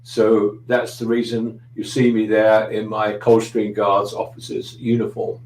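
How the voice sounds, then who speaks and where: A man's voice: on the low side, level tone, a little slow, a little mellow, reverberant, slight background noise, low-quality recording. Chatty British man from London. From London, England. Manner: chatty, anecdotal, with dry humor and frequent hesitations. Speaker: guest photographer. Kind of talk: casual interview chat.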